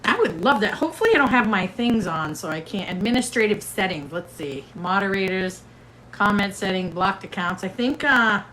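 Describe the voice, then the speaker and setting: A woman's voice: medium pitch, animated, moderate pace, fairly bright tone, a little hiss or hum. A middle-aged woman hosting a casual livestream, chatting playfully and reading out viewer comments while she waits for a guest. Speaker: livestream host.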